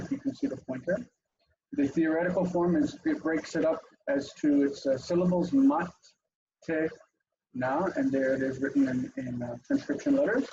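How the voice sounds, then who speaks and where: Chatty male teacher, gravelly lively voice. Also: a little high, muffled recording, slight background noise. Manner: chatty, explanatory, with frequent ums and asides. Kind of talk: online language lesson.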